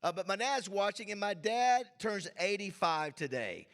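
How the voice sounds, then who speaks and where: Gravelly, hyped-up male emcee. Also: high-pitched, animated, moderate pace, a bit bright, a little hiss or hum. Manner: hyped crowd-rousing, emotional asides. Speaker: host. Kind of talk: emceeing a luncheon. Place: banquet hall.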